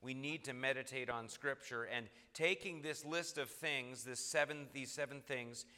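Earnest male preacher, emphatic delivery, bright voice, recorded with long hall reverb. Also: medium pitch. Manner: earnest, emphatic, reads scripture slowly. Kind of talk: sermon.

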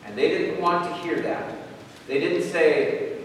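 A man preaching a sermon, moving from quiet earnest questions to slow, loud, emphatic passages and reading scripture in old-fashioned wording. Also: a little high, animated. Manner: reads scripture in King James wording. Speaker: pastor. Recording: echoey hall, distant mic, faint room noise.

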